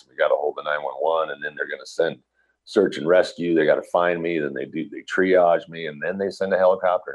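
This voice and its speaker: A man with an extremely deep, low voice tells a personal story in an earnest, conversational way. He brings the scene to life by acting out the lines people said. The recording sounds slightly dull and lo-fi. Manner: earnest, vivid retelling full of quoted dialogue. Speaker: guest telling a personal story.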